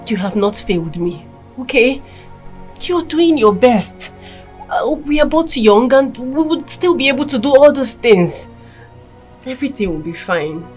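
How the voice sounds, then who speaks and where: A woman playing a young wife who gently comforts and reassures her husband. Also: on the high side, lively intonation, unhurried, soft background music. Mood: soothing. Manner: soothing, reassuring.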